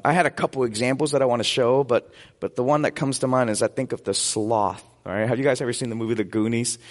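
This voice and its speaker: A man's voice: medium pitch, fairly bright tone, long reverb tail. A man preaching a sermon as pastor, conversational and joking with his congregation in a church sanctuary.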